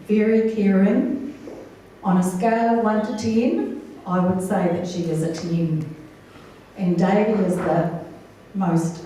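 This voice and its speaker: A woman's voice: medium pitch, slight background noise. A woman giving a wedding speech about the couple, telling stories and laughing along. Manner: warm, measured storytelling with laughs. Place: wedding reception hall. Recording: echoey hall, distant mic.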